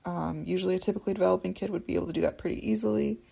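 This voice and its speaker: A woman with a low, mellow voice and a heavy vocal fry, talking in a relaxed, chatty way. She is a speech therapist giving an informal explainer, and her talk is full of fillers and restarts. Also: very fast. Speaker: speech-language pathologist. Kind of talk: casual explainer video.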